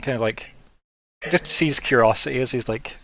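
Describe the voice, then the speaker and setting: A man's voice: medium pitch, normal speed, a crowd in the background. A man as game master, narrating a tabletop game in a casual, rambling way. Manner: casual, filler-heavy.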